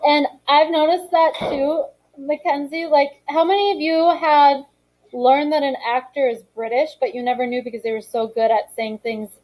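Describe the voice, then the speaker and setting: A woman's voice: high voice, steady tone, normal speed, a little mellow, low-quality recording. A woman teaching a social studies lesson in a classroom, reading from a textbook and talking it through with students in a conversational, encouraging way. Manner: conversational and encouraging, calls on students, frequent fillers. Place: school classroom.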